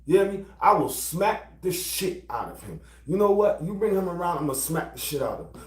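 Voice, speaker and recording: A middle-aged man telling a personal story in a profane, animated rant. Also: a little high, moderate pace. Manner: animated, profane, builds to angry outbursts. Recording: roomy, distant from mic.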